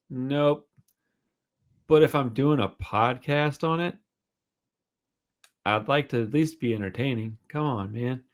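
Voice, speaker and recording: A man hosting a podcast in casual chat, rambling and swearing freely, self-deprecating. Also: medium pitch. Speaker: podcast host.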